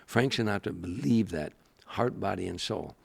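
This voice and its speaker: An older comedian telling stories in an interview, animated and acting out the people he quotes. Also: low-pitched, normal speed, gravelly, slightly rough. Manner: animated storyteller, acts out quoted voices. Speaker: guest, comedian. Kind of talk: storytelling interview.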